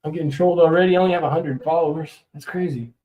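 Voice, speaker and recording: Talking very fast in a higher-pitched voice, this livestream host from the US West Coast chats loosely, laughing often as he displays his coins. The audio sounds like it came through a phone.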